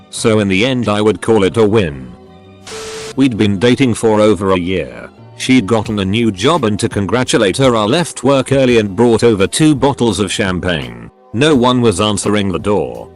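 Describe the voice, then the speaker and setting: Male storyteller, low voice with lively swings, dry conversational read, faint music underneath. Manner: dry, conversational first-person retelling. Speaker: story narrator. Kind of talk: scripted story narration.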